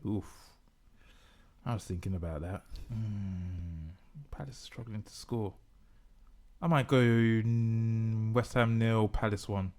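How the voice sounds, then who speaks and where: A man's voice: lowish voice, steady tone, takes it slowly, pauses often, a little mellow. A man co-hosting a casual podcast, reading out results and making predictions in a teasing, presenting way. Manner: teasing, game-show-like presenting. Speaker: podcast co-host, football fan.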